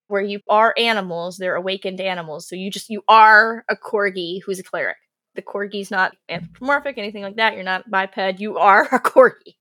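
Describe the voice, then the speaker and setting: A woman game master telling tabletop stories in casual chat, animated and quoting her players. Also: medium pitch, dry recording. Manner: animated, quotes players in lively voices. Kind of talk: casual podcast storytelling.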